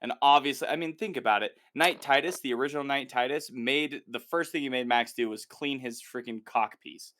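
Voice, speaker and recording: Animated man recapping a TV episode. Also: medium pitch. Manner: animated storyteller, quick to act out quotes. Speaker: podcast host. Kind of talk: casual chat recapping a TV episode.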